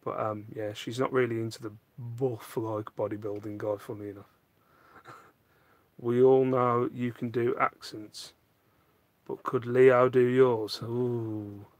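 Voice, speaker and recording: A man chats casually on a live stream, reading viewer questions aloud and making jokes at his own expense. His voice sits at an ordinary middle pitch. The recording is close and dry, with little room sound. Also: little pitch movement, measured pace, a little mellow, dry recording. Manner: jokey, self-mocking, reads out comments. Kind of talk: casual chat. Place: home loft.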